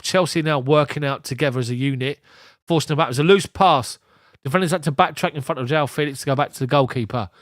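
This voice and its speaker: A man's voice: mid-range voice, dry recording, studio quality. A man doing live ball-by-ball match commentary as a fan streamer, giving clipped play calls broken up by chatty asides.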